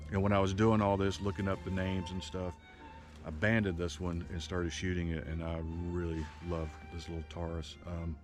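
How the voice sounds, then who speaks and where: Deep-voiced joking man with background music. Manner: jokey, rambling storyteller with playful asides. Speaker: slingshot reviewer. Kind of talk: casual show-and-tell vlog. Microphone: action camera.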